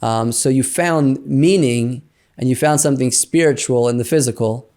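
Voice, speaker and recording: A man in an interview, telling a personal story in a chatty, animated way with many fillers like "you know". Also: mid-range voice, normal speed. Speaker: interview guest.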